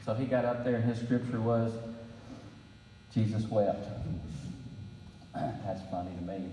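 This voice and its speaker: A man's voice: mid-range voice, steady tone, a little slow, pauses often, mellow, slight background noise. Middle-aged man, faith-based leadership talk, folksy, dry humor, echoey hall, faint room ambience. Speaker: breakfast speaker. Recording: roomy hall, distant mic.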